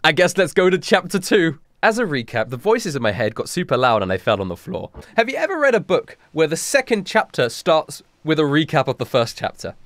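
A man's voice: a little high, wildly swooping pitch, fairly quick, hardly any pauses, a bit bright, dry recording. A man reading fan fiction aloud for laughs, breaking in with sarcastic, incredulous outbursts. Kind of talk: comedic reading with commentary.

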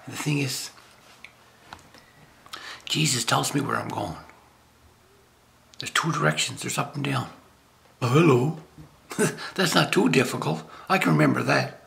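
An older man with a gravelly, rough-edged voice gives a rambling spiritual talk. He jokes and restarts often as he preaches in a loose, homespun way. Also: medium pitch, a little slow, pauses often, a bit bright, slight background noise. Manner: rambling, jokey, with frequent laughs and restarts. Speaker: lay preacher.

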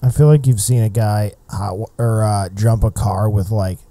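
Dark-toned chatty guy. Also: on the low side, normal speed, no room sound. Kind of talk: casual chat.

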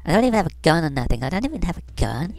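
A woman's voice: lowish voice, big pitch swings, rapid-fire, darkish tone. A woman voicing a vain, catty fashion doll who talks in valley-girl slang and brags while commenting on a game. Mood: boastful. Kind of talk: comedic game commentary in character.

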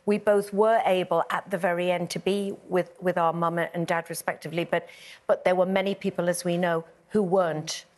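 Low-voiced English woman presenter. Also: flat delivery, fairly quick, a little mellow. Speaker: TV panel presenter. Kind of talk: daytime TV panel chat. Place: TV studio.

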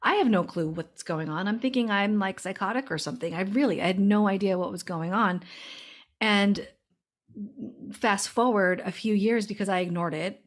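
A woman's voice: mid-range voice, moderate pace. A woman hosting a podcast interview and telling a personal story in an earnest, emotional way. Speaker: podcast host and medium. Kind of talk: casual interview chat.

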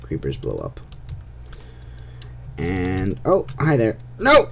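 A man's voice: low voice, huge pitch swings, slow, vocal fry, fairly bright tone, slight background noise. A young man giving casual, playful commentary while he plays a game, talking to the monsters as he goes. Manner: chatty, playful, talks to the monsters. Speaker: gameplay commentator. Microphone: desktop USB microphone.

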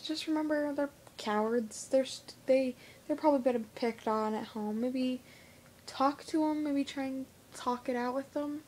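Teen girl vlogger, lisp, hesitant and unhurried, phone recording. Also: high voice, darkish tone, slight background noise. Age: teens. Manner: hesitant, halting with many fillers. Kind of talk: casual vlog talk to camera. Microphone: phone camera.

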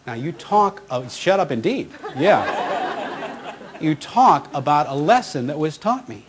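A man who is a radio host and motivational speaker, telling an inspirational story with heartfelt, animated delivery and acting out the voices of people he met. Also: fairly high pitch, takes it slowly, a little hiss or hum.

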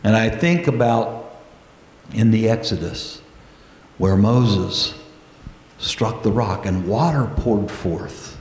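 Male pastor, low voice, slow deliberate sermon delivery, reverberant sanctuary sound. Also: animated, a little mellow, slight background noise. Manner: earnest, slow preaching with prayerful pauses. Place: church sanctuary. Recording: echoey church hall.

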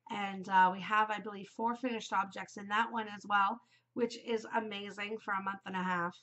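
A woman's voice: mid-range voice, steady tone, moderate pace, a bit bright, lo-fi sound. A woman in her forties hosting a knitting podcast in an upbeat, chatty way, her nose a bit stuffed from a cold. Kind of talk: casual chat.

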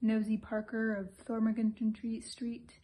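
A woman's voice: fairly high pitch, monotone, measured pace, dark tone, close to an everyday voice. A woman reading as a grumbling fussy old lord. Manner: plaintive, complaining.

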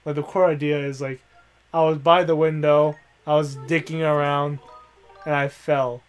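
A man's voice: a little high, level tone, normal speed, clear, resonant tone. Give me a young man co-hosting a gaming video, telling crude joking stories full of swearing, with faint game music behind. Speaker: co-host of a gaming show. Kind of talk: casual let's-play banter.

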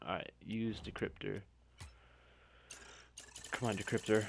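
A man's voice: fairly low pitch, measured pace, pauses often, noisy background. A young man doing live stream commentary, chatting directly to his viewers.

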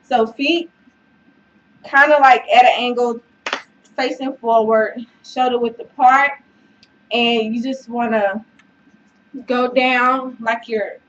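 Woman, chatty fitness vlogger, encouraging, somewhat high voice, dull lo-fi sound, faint background hiss. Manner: chatty and encouraging, many fillers, says y'all and child. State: out of breath at times. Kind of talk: casual talk to camera. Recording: dull, faint noise, mic away from speaker.

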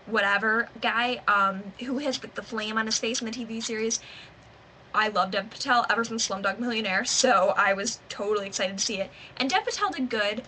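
A woman's voice: a little high, sharp tone, a little hiss or hum, rough recording. A woman with a Michigan accent giving a rambling, unedited movie review to camera, full of asides and fillers. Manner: chatty, rambling, lots of "like" and trailing asides. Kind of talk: casual unedited video review.

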